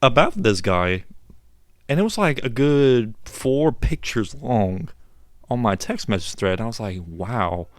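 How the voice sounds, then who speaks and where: A man's voice: mid-range voice, sing-song, unhurried, dry recording, clean studio sound. A man co-hosting a podcast in casual chat, blunt and wisecracking. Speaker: podcast co-host.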